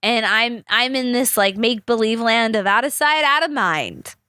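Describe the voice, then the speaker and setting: Young woman podcast host, bright tense voice, pretty high, rambles and swears a lot. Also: lively intonation, normal speed, dry recording, studio quality. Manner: swears freely, chatty and rambling; acts out quoted people in big voices. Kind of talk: casual storytelling chat.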